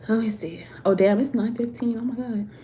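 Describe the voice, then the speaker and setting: A woman's voice: on the high side, steady tone, fairly quick, dark tone, a little hiss or hum. Chatty young woman on a phone livestream. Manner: chatty, laughs often, slangy and candid. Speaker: livestream host, tarot and oracle deck creator. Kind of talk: casual livestream chat reading viewer comments.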